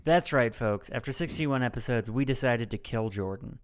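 Brief: male podcast host, smooth clear voice, brash jokey banter, cusses a lot. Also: mid-range voice, normal speed. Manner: brash, joking, swears freely.

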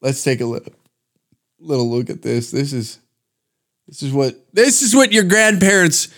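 A man's voice: mid-range voice, very animated, normal speed, a bit bright. A man hosting a podcast, ranting in a rambling, profane, mocking way. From Canada. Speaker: podcast host. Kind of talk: casual podcast rant.

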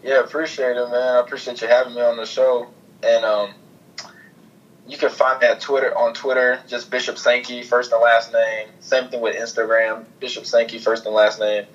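A man answers interview questions in an easygoing, brief manner. His voice is of middling pitch and comes through a dull, muffled line. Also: level tone, moderate pace. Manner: laid-back, brief answers. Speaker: guest athlete. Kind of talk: casual interview.

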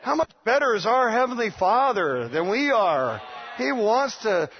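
A man's voice: sits high, big pitch swings, unhurried, dull audio. A middle-aged man preaching a sermon as pastor, playful and laughing, acting out the voices of others.

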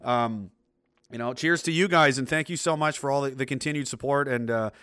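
Man, livestream host, rambling, restarts, bright forceful tone, dry close sound. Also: mid-range voice, fairly quick, clean tone, no room sound. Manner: rambling, many restarts and fillers. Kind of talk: casual livestream talk.

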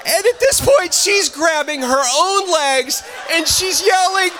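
A man preaching a sermon, telling a comic story in an animated way and shouting on the punchlines. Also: extremely high pitch, takes it slowly, a faint crowd, slight background noise. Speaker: pastor.

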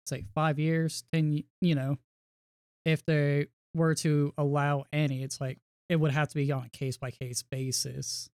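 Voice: mid-range voice, a little mellow, smooth, no room sound, clean studio sound. A podcast guest talking casually and hesitantly, thinking aloud. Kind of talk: casual chat.

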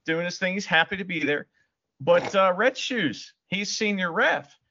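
Relaxed male podcast co-host with a bright, forward voice, rambly and good-humored; dull audio. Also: sits high, measured pace, a little hiss or hum. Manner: laid-back, laughing, hedges with "you know". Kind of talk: casual podcast chat.

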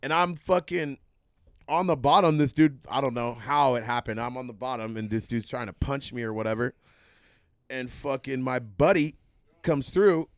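A young adult man telling profane stories in casual chat, laughing often and talking in an animated way. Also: mid-range voice, normal speed, no room sound, clean studio sound.

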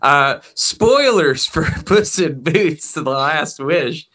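A young man co-hosting a casual chat, telling stories in an animated way, with swearing and laughter. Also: on the high side, drawn-out words. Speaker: podcast co-host.

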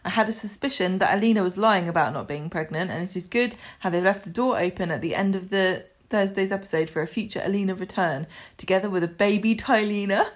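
A woman's voice: medium pitch, quick pace, hardly any pauses. A woman co-hosting a podcast, reading listener emails aloud with chatty asides. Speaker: podcast co-host.

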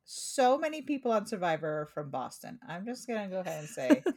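A woman in her thirties with a Portland accent, co-hosting a casual podcast chat, animated and quick to laugh. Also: lowish voice, a crowd in the background. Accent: Portland, Oregon. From Pacific Northwest US. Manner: chatty, laughs often, animated storytelling. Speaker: podcast co-host.

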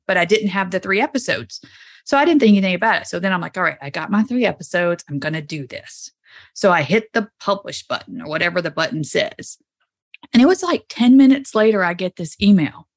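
A woman hosting a podcast, chatting casually and telling stories in an animated way. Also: medium pitch. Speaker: podcast host. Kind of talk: casual chat.

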